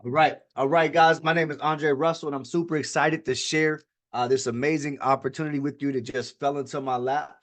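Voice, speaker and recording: A man presenting a live online webinar, pitching an opportunity in fast, hype-driven salesman patter, often calling out to the audience. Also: fairly even intonation. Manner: repeats "ladies and gentlemen" and "all right".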